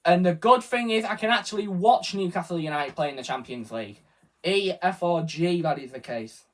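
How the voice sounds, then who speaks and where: A man giving rambling live reaction commentary as a football fan streamer, often correcting himself. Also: medium pitch. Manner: rambling, self-correcting, partisan fan talk.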